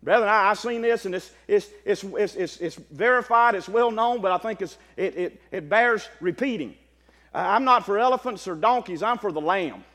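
A Baptist preacher, a man, giving a sermon. He moves from quiet asides to loud exclaiming and often repeats words. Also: high-pitched, normal speed, big-room sound.

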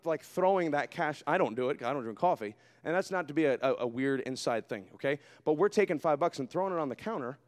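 A man preaching a sermon as pastor in a church, swinging between quiet asides and shouted fervor. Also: on the high side. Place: church sanctuary. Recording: long hall reverb.

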